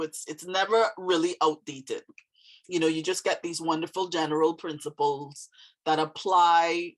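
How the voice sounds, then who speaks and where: A woman who teaches the language, explaining the script in a relaxed monologue, thinking aloud with many fillers and restarts. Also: on the low side.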